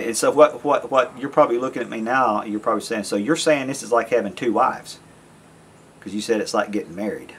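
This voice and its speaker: A man chats to camera in an easygoing, rambling monologue. He circles back and repeats words while he gathers his thoughts. A faint hum sits under his mid-pitched voice. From American South. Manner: rambling, folksy, self-interrupting. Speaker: YouTube vlogger.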